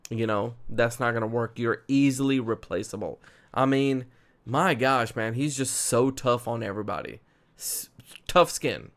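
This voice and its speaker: A man chatting casually as a show host, with a smooth, clear voice. He is loose and excitable, and he talks like he is on an online call with a friend. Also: medium pitch, normal speed. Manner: excitable, laughs often, fillers like "dude" and "man". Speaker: podcast host. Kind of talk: casual wrestling chat.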